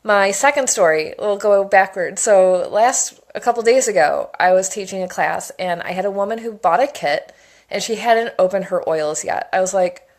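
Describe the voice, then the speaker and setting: Woman, 30s, chatty and excitable, casual monologue, rambling stories. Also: medium pitch, moderate pace. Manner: chatty and enthusiastic, rambling storytelling. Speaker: essential oils educator.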